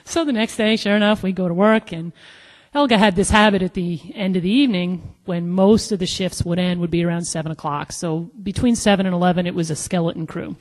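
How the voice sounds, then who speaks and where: A woman telling a personal story live at a storytelling event, animated and acting out the dialogue. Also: fairly low pitch, fairly quick. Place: museum event hall. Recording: long hall reverb at live event.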